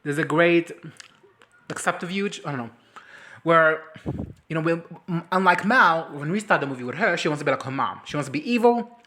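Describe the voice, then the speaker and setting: Low-pitched woman doing a loose movie rant, swears a lot, drops into little character voices. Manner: animated, swearing, mimics characters in quick asides. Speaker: movie reviewer. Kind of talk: casual reaction chat.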